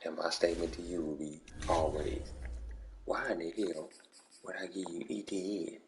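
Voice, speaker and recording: A man's voice: deep voice, little pitch movement, moderate pace, noisy background. A man chatting casually with friends during an online game league, slangy and repetitive. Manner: slangy, repeats "bro" and "come on".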